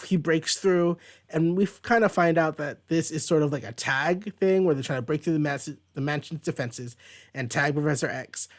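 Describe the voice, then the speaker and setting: A man's voice: fairly high pitch, normal speed. A man hosting a casual page-by-page comic book recap, rambling with fillers and restarts. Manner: rambling, lots of likes and restarts. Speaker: comic book reviewer host.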